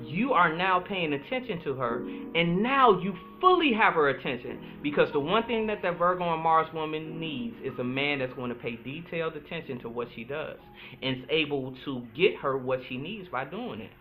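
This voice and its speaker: A man hosting a podcast, giving astrology advice in an animated, preachy way. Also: a little high, normal speed. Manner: animated, preachy, laughs at his own points. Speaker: podcast host. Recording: phone-like sound with music behind.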